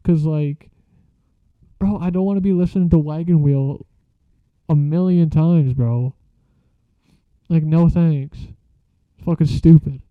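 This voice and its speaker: A man's voice: on the high side, slow, long pauses, no room sound. A young man telling school stories in a casual, profane, slang-heavy rambling way. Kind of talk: casual storytelling vlog. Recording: dry muffled lo-fi recording.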